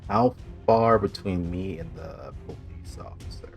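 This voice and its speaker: A man with a very deep voice plays a tabletop game over voice chat, taking his time and reasoning through each move out loud. Faint music sits low behind him. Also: gravelly. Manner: deliberate, thinks aloud about tactics. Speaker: player.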